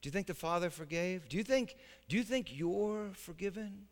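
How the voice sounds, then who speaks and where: A man preaching a sermon dramatically, swinging from hushed lines to shouting. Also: sits high, moderate pace. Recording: reverberant hall.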